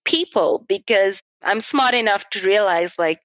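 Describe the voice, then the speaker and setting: A young woman with a South African accent talks through her past in an unhurried, measured way, breaking into laughter now and then. Her voice sits a little low. The recording is dry and slightly muffled. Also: steady tone, fairly bright tone, dry recording. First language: Afrikaans. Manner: reflective, laughs often, measured. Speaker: guest. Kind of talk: casual interview conversation.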